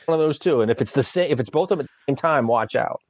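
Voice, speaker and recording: A man's voice: mid-range voice, lively intonation, very fast, darkish tone. A man co-hosting a podcast in casual chat, joking and rambling, often repeating his words. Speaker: podcast co-host.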